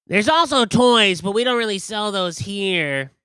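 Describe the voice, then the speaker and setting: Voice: medium pitch, animated, a little slow, bright, forceful tone, clean tone, no echo, pitched above the performer's own voice. A game master voicing a cheeky, pushy male candy vendor with a pumpkin for a head, talking in a brash, streetwise way. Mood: hawking.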